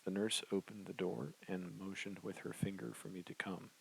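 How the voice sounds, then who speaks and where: Deep gravelly male audiobook narrator. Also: little pitch movement, moderate pace, fairly bright tone, slight background noise, low-quality recording. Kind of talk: first-person novel narration.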